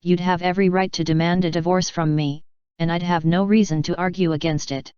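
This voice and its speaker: A woman voicing a female pony who is a wife close to tears, defensive and hurt, in a very smooth, dry, lo-fi reading. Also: on the low side, fairly even intonation, fairly quick, darkish tone, dry recording, close to an everyday voice. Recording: dull lo-fi.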